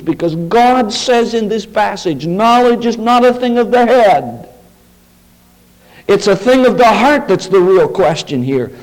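Guy preaching a bible lecture, high voice, leans hard on the verses he reads. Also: a little mellow, rough recording. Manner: emphatic, slows down on quoted scripture. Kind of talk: expository sermon lecture.

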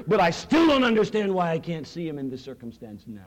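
Male preacher, sermon delivery, dramatic swings between loud and hushed, animated and somewhat high-pitched. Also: brisk, few pauses, poor audio. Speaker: pastor. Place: church.

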